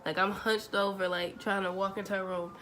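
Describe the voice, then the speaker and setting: A young woman, telling a story to her vlog audience in a chatty, animated way, acting out the dialogue. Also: medium pitch, fairly quick, faint music behind. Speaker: vlogger. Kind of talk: casual storytelling.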